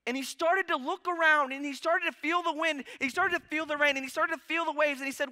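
A man's voice: very high voice, brisk, sharp tone. A male pastor preaching in a church, casual and joking, with lots of conversational asides. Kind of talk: sermon. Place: church sanctuary. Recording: long church hall reverb.

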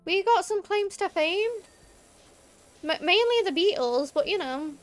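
A woman's voice: extremely high pitch, expressive, a little slow, faint music behind. A young woman, chatting casually on a gaming stream, rambling with lots of fillers and restarts. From Liverpool area, England. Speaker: VTuber streamer.

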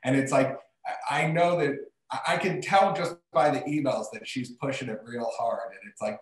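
A man, a TV showrunner, tells lively anecdotes in a casual interview. His voice sits at a middle pitch. He sounds like he is in a roomy space with noticeable echo. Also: normal speed. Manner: animated storytelling.

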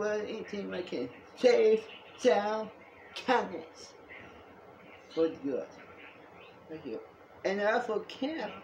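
A man rambling excitedly in a home video monologue, repeating himself and jumping between topics. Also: sits high, muffled recording, a little hiss or hum. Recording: echoey room.

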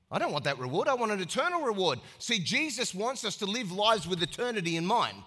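Pastor guy preaching, bright ringy voice, big echoey hall. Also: high-pitched, a little fast, hardly any pauses. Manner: emphatic, animated, acts out little scenes. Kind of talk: sermon.

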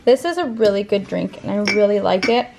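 A woman's voice: medium pitch, animated, brisk, gravelly. A young woman vlogging casually to her handheld camera, chatty and rambling, with lots of fillers as she shows her shopping. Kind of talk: casual shop-with-me vlog. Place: in her car, then at home. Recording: loud background noise.

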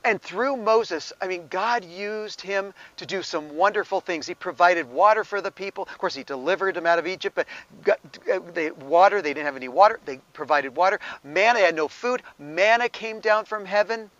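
A man's voice: high voice, moderate pace, a bit bright, no echo, dull audio. A male pastor preaching in a conversational way, with asides and small chuckles. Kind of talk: sermon.

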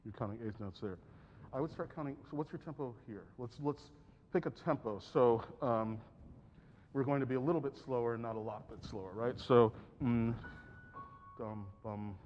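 A man with a medium-pitched voice, speaking at a normal speed, gives a piano masterclass. He coaches a student encouragingly, often singing phrases or counting beats out loud. The recording sounds slightly dull, with piano playing in the background.

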